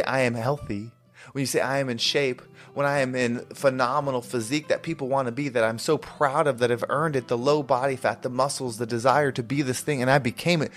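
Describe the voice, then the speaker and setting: A man hosting a motivational podcast, speaking in an earnest, emphatic and repetitive way. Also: mid-range voice. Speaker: podcast host. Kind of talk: motivational monologue. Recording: faint music underneath.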